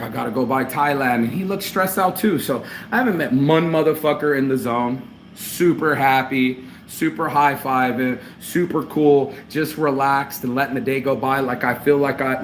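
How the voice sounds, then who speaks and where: A man's voice: on the high side, slight background noise. A middle-aged man ranting in a casual travel vlog, slangy and profane, laughing often as he talks. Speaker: vlogger.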